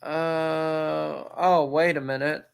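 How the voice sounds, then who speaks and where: A man with a fairly high, smooth, clear voice hosts a relaxed commentary stream. He reads things out loud as he looks for the next clip, in a loose, chatty way. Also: slow. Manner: reads chat and pages aloud while browsing. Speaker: stream host.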